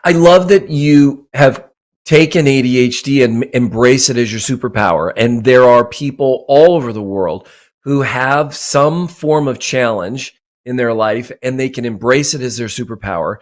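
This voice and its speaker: A man's voice: medium pitch, normal speed. A man speaking as a podcast guest and mindset coach, talking emphatically and repeating phrases for effect. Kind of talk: motivational interview talk.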